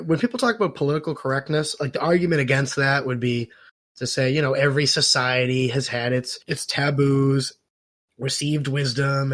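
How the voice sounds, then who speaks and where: A man's voice: mid-range voice, fairly bright tone. A young man co-hosting a casual comedy podcast, talking sarcastically and slipping into mocking acted-out dialogue. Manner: sarcastic, acts out mock dialogues in exaggerated voices. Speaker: podcast co-host. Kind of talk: casual political comedy chat.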